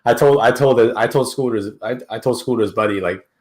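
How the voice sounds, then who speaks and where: A young man telling a story to a friend, slangy and animated, tripping over his words and starting over. His pitch sits at an ordinary middle level for a man. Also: fairly quick. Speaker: guest. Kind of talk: casual storytelling.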